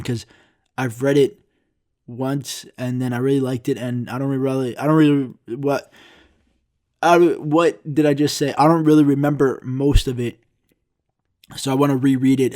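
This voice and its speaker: A man's voice: medium pitch, darkish tone. A young man hosting a solo podcast, rambling through a casual rant with frequent swearing and self-mocking asides. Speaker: podcast host.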